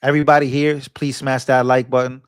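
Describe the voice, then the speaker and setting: Speaking fairly quickly in a smooth, medium-pitched, level voice, this political commentator and channel host delivers passionate, casual vlog commentary. He restarts, repeats words, and slips into sermon-like rebukes, recorded dry and studio-clean.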